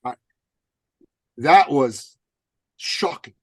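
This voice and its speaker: A man's voice: mid-range voice, animated, extremely slow, a bit bright, husky, dry recording. A man telling a story as a podcast guest, blunt and emphatic, swearing casually. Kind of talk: animated storytelling.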